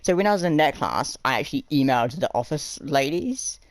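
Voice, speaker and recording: A young man tells stories about his school days in a casual, rambling way, full of filler words. He animatedly acts out the people he quotes, jumping his voice high and low. He speaks briskly, and the audio is dry and poor.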